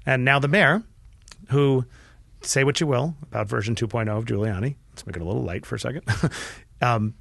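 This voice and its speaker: A middle-aged man, a podcast guest, telling a candid personal story earnestly and with feeling, often restarting his sentences and dropping his voice quietly. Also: mid-range voice, brisk, vocal fry, dry recording. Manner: earnest and emotional, with frequent restarts and quiet dips.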